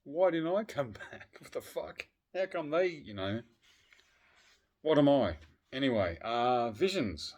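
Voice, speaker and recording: A man chatting casually on a vlog, excitable and profane, swinging between loud outbursts and low muttering. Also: a little slow. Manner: swears freely. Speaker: vlogger. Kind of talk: casual chat.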